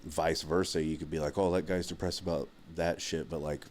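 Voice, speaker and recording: A young man co-hosting a podcast, rambling and halting through his points in casual chat. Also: very deep voice, little pitch movement, a little mellow, slight background noise. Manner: rambling, halting, many fillers and restarts. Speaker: podcast co-host.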